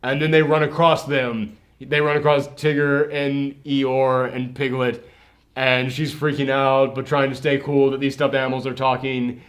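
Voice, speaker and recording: A man's voice: mid-range voice, little pitch movement, measured pace. A man hosting a casual movie reaction chat, retelling scenes with animation and acting out the characters' lines. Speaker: podcast host.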